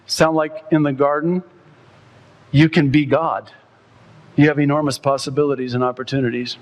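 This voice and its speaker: Male pastor, sermon delivery, fervent and rising, voice on the higher side. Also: steady tone, moderate pace, long pauses. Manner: impassioned preaching, voice climbing high and loud when stirred.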